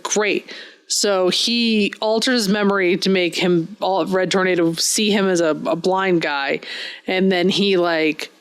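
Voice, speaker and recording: Young woman, podcast co-host, smooth clear voice, animated scene-by-scene retelling. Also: mid-range voice. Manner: lively storyteller, retells scenes with "he's like" voices. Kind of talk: casual comic-book chat.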